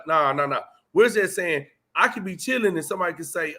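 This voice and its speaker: Animated high-voiced man telling it straight. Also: fast, hardly any pauses. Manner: animated storytelling, acting out heated exchanges; street slang, emphatic. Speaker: host. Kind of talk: casual conversation.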